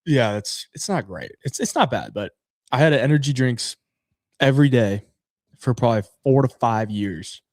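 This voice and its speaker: A man's voice: mid-range voice, animated, moderate pace, no echo. Chill guy co-hosting a fight picks show, dry close sound. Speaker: podcast co-host. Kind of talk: casual betting show chat.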